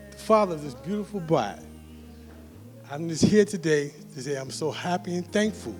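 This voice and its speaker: A middle-aged man, the father of the bride, giving a loud, heartfelt wedding toast. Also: fairly high pitch. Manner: exuberant, heartfelt, talks loudly to a crowd. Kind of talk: wedding speech. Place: wedding reception hall with music playing.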